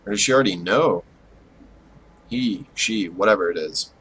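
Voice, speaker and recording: A man calls a strategy game in a relaxed, self-deprecating way, and his rather low voice spikes up when the fights get close. Faint background hiss sits under his commentary. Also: normal speed, low-quality recording. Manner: casual and self-deprecating, bursts of excitement during fights. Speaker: esports caster.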